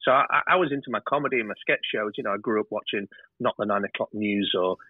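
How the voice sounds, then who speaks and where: A man's voice: fairly low pitch, rapid-fire, breathy edge, no echo. A man who works as a TV director, chatting as a podcast guest, telling stories and often stumbling over and repeating his words. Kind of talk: casual interview storytelling. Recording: tinny phone-like remote line.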